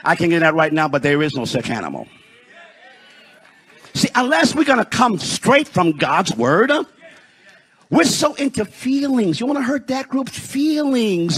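High-voiced, husky preacher man. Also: sing-song. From Detroit. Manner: preaching with shouted, sung rises and dramatic slowdowns. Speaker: pastor. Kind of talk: sermon. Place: church sanctuary.

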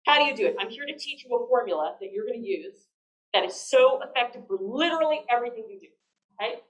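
Woman lecturer, kinda high voice, chatty, keeps asking "right?", roomy echoey hall. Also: fast talker. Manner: lively, conversational, frequent "right?" tags. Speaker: lecturer on negotiation. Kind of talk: public lecture.

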